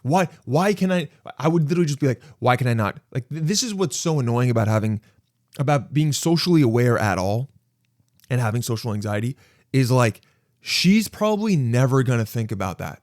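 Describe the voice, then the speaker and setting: A young man rambles through a solo podcast in a dry, close recording with no room sound. His pitch sits in the middle for a man. He mocks himself and slips into voices for imagined conversations. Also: expressive, fairly quick, darkish tone, no room sound. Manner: rambling, self-mocking, acts out imagined dialogue. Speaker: podcast host.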